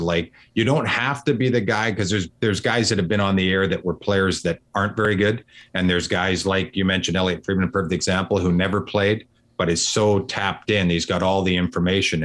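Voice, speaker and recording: Brief: deep-voiced middle-aged man, sportscaster guest, talkative and earnest, casual tone. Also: fairly bright tone. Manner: earnest, talkative, quick to restart phrases. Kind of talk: casual conversation.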